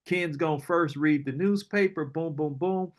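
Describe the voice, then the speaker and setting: A middle-aged man, an entrepreneur guest, telling casual stories in an animated, slangy way, often acting out other people's lines. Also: a little high, moderate pace. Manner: animated storyteller, slangy, acts out quoted voices, laughs often. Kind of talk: casual storytelling interview.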